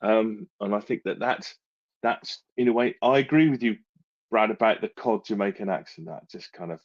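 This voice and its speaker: A man's voice: lowish voice, moderate pace, dull audio. A man co-hosting a casual album review chat, thoughtful and agreeable. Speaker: co-host.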